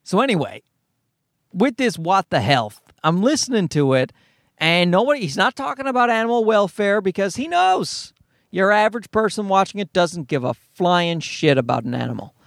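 Animated profane podcast guy, high voice. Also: normal speed, creaky, no room sound, clean studio sound. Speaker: podcast host. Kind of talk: casual comedic monologue.

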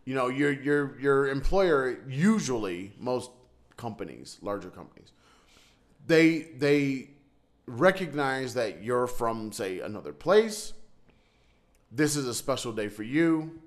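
A man who works abroad, talking in casual chat in a rambling, halting way with many restarts. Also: mid-range voice, lively intonation.

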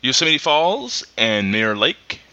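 Bright, lively man cracking jokes. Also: mid-range voice, measured pace, clear, resonant tone, dry recording, lo-fi sound. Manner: rambling, laughs often, puts on silly voices. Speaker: podcast co-host. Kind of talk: casual comedy podcast banter.

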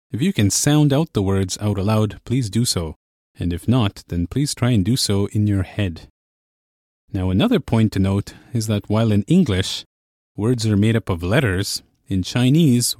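Deep-voiced man teaching a language lesson. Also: darkish tone, no room sound, studio quality. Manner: clear, measured teacher's explanations. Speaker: language course host. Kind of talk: scripted lesson narration.

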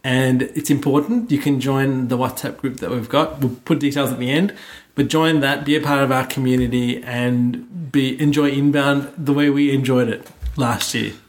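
A mid-pitched man hosts a casual podcast. He sounds upbeat and brisk, steering his co-host from one segment to the next. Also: steady tone.

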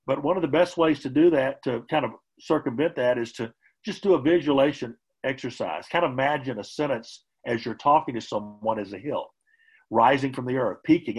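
Man, husky, motivational training talk, conversational, casual asides, mid-range pitch. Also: poor audio. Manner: conversational, hedging with "kind of" and "you know". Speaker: sales trainer.

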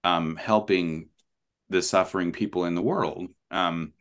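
A man as a podcast guest, explaining his ideas thoughtfully with many pauses, ums and restarts. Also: low voice, fairly even intonation. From New Zealand. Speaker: author and guest. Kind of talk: conversational podcast interview.

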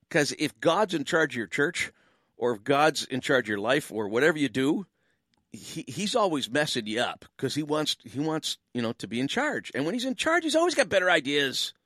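A Canadian man hosting a late-night call-in radio show and chatting away as a pastor. His pitch leaps up and down as he jokes and rambles through asides. The studio sound is dry and close to the mic. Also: fairly bright tone, no echo.

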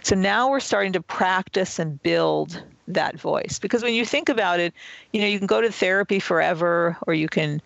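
A man's voice: high-pitched, moderate pace, vocal fry, a bit bright, dry recording, lo-fi sound. A man, the author, answering an interview question and patiently explaining self-help skills one step at a time. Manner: earnest, patient, step-by-step teaching. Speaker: author and guest.

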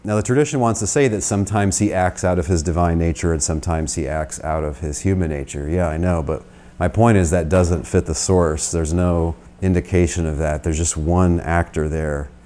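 An American man giving a conversational theology lecture, reasoning through arguments with quick asides. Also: sits low, fairly even intonation, dark tone. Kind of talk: spoken lecture.

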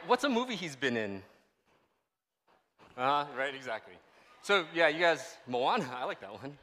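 A man's voice: a little high, moderate pace, long pauses, in a large hall. A man giving a casual, conversational sermon as a pastor, often checking in with the audience. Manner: animated, conversational, asks the audience "right?" often.

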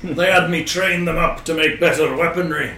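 A man's voice: a little high, fairly even intonation, moderate pace, bright, forceful tone, reverberant, far from the mic, a little hiss or hum. A man voicing a grateful captive male dwarf smith with a Scottish accent. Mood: earnest.

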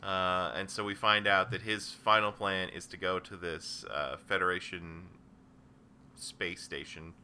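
A podcast host with a very low voice and a sharp, bright edge to it. He talks in casual chat and rambles through a recap with plenty of "uh". There is faint hiss behind him. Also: level tone, a little slow. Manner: rambling recap with many uh fillers.

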